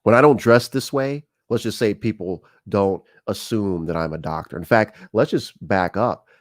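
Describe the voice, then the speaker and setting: A low-pitched man with an American accent hosts a live talk stream. He tells personal stories loosely, restarting sentences and filling pauses with ums. His voice sits close and dry, with no room sound around it. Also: no echo. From United States. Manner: conversational storytelling with frequent fillers and restarts. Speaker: show host.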